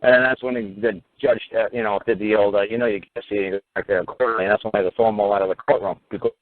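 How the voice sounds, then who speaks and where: A man's voice: on the low side, fairly even intonation, fast, no echo. A man telling a story in casual talk, blunt and emphatic, swearing freely and stacking asides. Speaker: common-law teacher. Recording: phone-like narrow sound.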